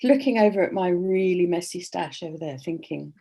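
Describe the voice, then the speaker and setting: A woman's voice: fairly low pitch, lively intonation, brisk, vocal fry, dark tone. A woman hosting a casual craft livestream from home, chatting in a rambling, cheerful way over a video call. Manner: chatty, rambling, laughs often. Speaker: livestream host. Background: dog.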